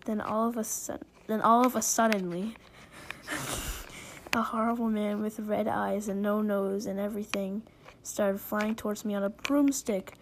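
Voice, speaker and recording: A woman's voice: mid-range voice, steady tone, unhurried, noisy background. A young woman reading fan fiction aloud with giggly, dramatic line readings. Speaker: reader.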